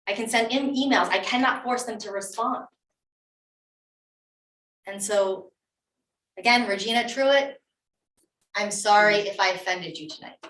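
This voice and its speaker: A woman's voice: medium pitch, sharp tone. A woman on a township committee, speaking emotionally and insistently at a public meeting, often restarting her sentences. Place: municipal meeting room. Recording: echoey room, distant mic.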